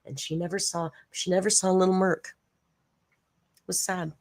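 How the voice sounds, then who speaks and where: A woman's voice: fairly low pitch, little pitch movement, moderate pace, a little mellow. A woman hosting a live reaction stream, chatting casually, greeting viewers by name and laughing often.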